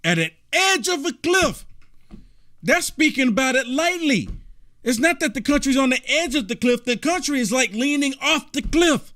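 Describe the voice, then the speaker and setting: A man's voice: extremely high pitch, fairly bright tone. A man hosting a political commentary show, reacting to clips in a rambling, repetitive, indignant rant.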